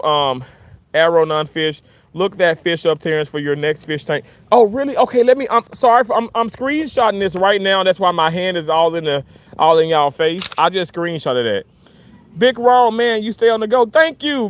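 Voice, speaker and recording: With no room sound, the clip captures a high-pitched, slightly bright male voice. It belongs to a Southern-accented livestream host in his thirties from Mississippi, USA, who chats casually, reads comments aloud, and often laughs.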